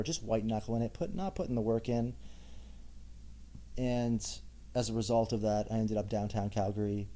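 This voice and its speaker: A young man hosts his own podcast, talking alone in a candid, self-mocking monologue. His voice sits low, with a mellow, dark tone. He breaks off into wry asides as he goes. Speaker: podcast host. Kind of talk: personal monologue.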